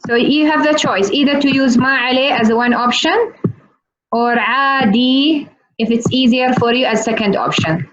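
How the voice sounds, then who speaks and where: A woman teaching a live online lesson over a video call, playful and teasing, repeating words slowly. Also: sits high, a bit bright. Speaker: Arabic teacher. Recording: muffled video call audio.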